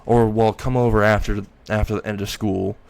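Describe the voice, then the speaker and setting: A man's voice: lowish voice, steady tone, moderate pace, gravelly. A man voicing a nervous, shy young woman who speaks hesitantly, in a fan-made story reading. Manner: hesitant, soft-spoken.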